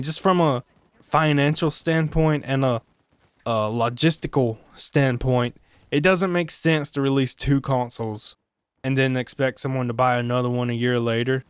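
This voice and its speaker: Male gaming vlogger, mid-range pitch, resonant voice, dry close sound, rambling self-mocking delivery. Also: clear, resonant tone, no room sound. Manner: joking, self-mocking, sidetracked asides; stumbles and restarts often. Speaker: gaming video creator. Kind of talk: rambling solo gaming commentary.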